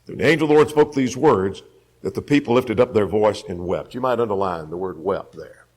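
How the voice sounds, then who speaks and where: A man's voice: fairly low pitch, fairly quick, a little mellow. A man teaching a Bible class, emphatic, repeating key phrases and putting questions to the class.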